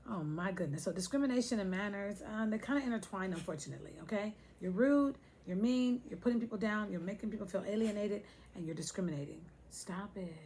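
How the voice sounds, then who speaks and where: A woman's voice: medium pitch, a little mellow, a little hiss or hum. A woman hosting a casual talk to her viewers, chatty and playful, speaking to them directly. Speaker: host.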